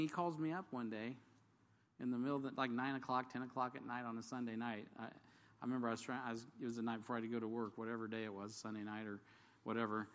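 A man's voice: medium pitch, steady tone, fast talker, a bit bright, in a large hall. A man in ministry work telling personal faith stories in a rambling, casual way, acting out the people he quotes. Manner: rambling, acts out dialogue in varied voices. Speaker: ministry worker. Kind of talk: casual testimony storytelling.

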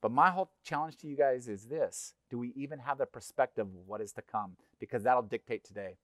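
A middle-aged man preaching a sermon in a conversational, animated way, acting out little voices. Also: mid-range voice, a little fast, dry recording, studio quality. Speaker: pastor. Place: church.

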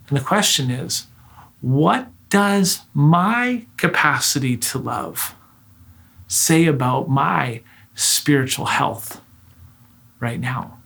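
A man's voice: a little high, creaky, fairly bright tone, husky. A man preaching a sermon, earnest and direct, asking his listeners rhetorical questions.

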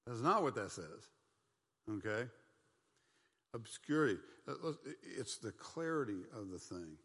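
A middle-aged man teaching a Bible study class in a folksy, animated, conversational way, with quick asides and playful mock voices. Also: fairly low pitch, breathy edge, long reverb tail.

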